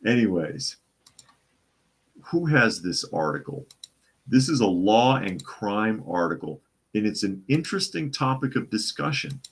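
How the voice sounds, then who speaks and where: Deep-voiced man hosting a casual talk. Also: husky. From Boston area. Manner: conversational, restarts and repeats phrases. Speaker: live show host reading viewer comments.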